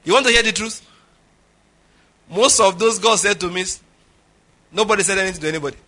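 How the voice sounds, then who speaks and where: A man's voice: sits high, fairly quick, bright, forceful tone. A middle-aged man preaching a sermon, telling stories with jokes and Pidgin asides. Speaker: pastor.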